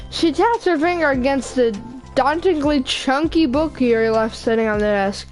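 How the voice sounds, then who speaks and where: A woman's voice: high voice, animated, normal speed, soft background music, rough recording. A woman YouTuber reading a visual novel aloud, casually correcting herself and apologizing to viewers.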